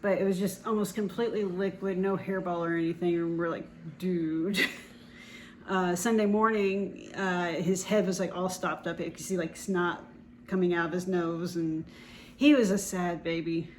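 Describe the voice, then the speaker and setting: A woman's voice: lowish voice, fairly even intonation, moderate pace, slight background noise. A woman co-hosting a casual vlog, telling a story in a chatty, easygoing way with plenty of fillers. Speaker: co-host, vlogger's partner.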